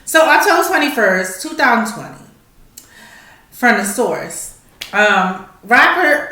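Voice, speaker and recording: A woman hosting a casual gossip show, ranting and mocking in a loud, profane way. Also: a little high, very animated, slow pace. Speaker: podcast host. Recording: echoey room.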